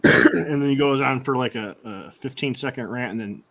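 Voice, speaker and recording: A man in casual chat, telling stories in a relaxed way with plenty of restarts. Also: mid-range voice, normal speed, vocal fry. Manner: relaxed storytelling with fillers and restarts. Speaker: co-host.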